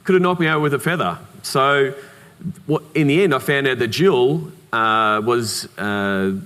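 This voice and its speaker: An Australian man giving a conference keynote, telling anecdotes in a lively way with humorous asides. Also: mid-range voice, a little slow, smooth. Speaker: keynote speaker. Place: conference hall. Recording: reverberant conference hall.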